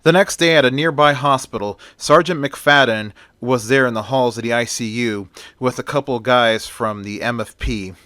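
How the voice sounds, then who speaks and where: Amateur male storyteller, bright voice, dry close sound. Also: mid-range voice, normal speed, hardly any pauses, no room sound. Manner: run-on, plainspoken telling. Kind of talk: amateur fan-story narration.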